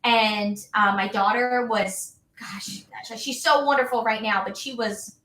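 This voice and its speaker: A woman's voice: on the high side, steady tone, a little slow, sharp tone. A woman in her thirties, a wellness coach, talking in a chatty, upbeat way full of fillers as a podcast guest. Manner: chatty, upbeat, many fillers like "like" and "you know". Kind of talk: casual podcast conversation. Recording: roomy echo.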